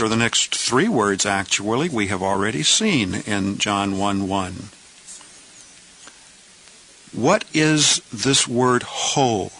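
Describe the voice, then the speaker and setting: A man teaching letters at a very unhurried pace, leaving pauses between each question and its answer. His tone is bright and forward, and he walks through each point step by step. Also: fairly low pitch, rough recording. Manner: asks questions, then answers them himself. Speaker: Greek teacher. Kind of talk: slow step-by-step language lesson.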